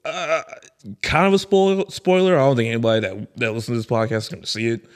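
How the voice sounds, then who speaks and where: A man's voice: mid-range voice, steady tone, quick pace. A man co-hosting a podcast, telling a movie story in casual chat, laughing and acting out quotes. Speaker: podcast co-host.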